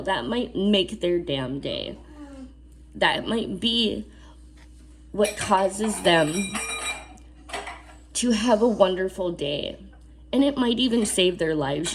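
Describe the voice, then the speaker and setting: Speaking to camera in a mid-range voice, a woman gives a spiritual oracle card reading, reading the card's text aloud before adding earnest, casual asides. She repeats key phrases for emphasis, and there is a little hiss or hum in the recording.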